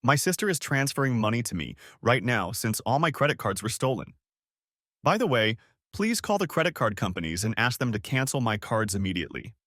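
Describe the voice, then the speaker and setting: A man's voice: mid-range voice, very animated, brisk, a bit bright, dry recording, studio quality. A man voicing a desperate, unfaithful young wife who begs her husband over the phone. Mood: eager. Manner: desperate, begging.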